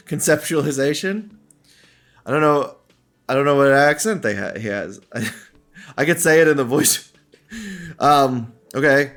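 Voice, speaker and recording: A woman's voice: sits low, animated, slow pace, long pauses, faint music behind. A woman co-player in casual game commentary, bantering with dry questions.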